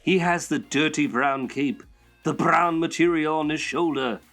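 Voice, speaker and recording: A man's voice: on the high side, measured pace, a bit bright, faint music behind. A man putting on a Joker voice to read out a listener's letter, theatrical and sing-song. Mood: playful. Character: man doing a Joker voice reading a fan letter. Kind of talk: reading a listener letter aloud.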